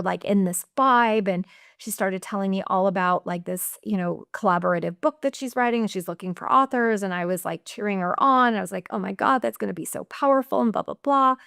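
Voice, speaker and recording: A woman's voice: mid-range voice, fairly bright tone, clear, resonant tone, no echo, studio quality. A woman executive coach on a podcast, chatting casually and often acting out her own inner voice with a tagged "right?". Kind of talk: casual interview chat.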